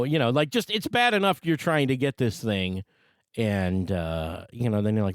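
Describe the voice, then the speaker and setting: Animated man hosting, dry close sound. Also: mid-range voice, no echo. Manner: animated, agreeable, quick to laugh. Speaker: podcast host. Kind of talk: casual interview chat. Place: at his desk.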